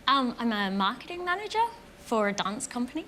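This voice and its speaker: Australian woman contestant, bright high voice, unhurried and hesitant. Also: very animated, slight background noise. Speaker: quiz contestant. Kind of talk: casual chat. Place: TV studio.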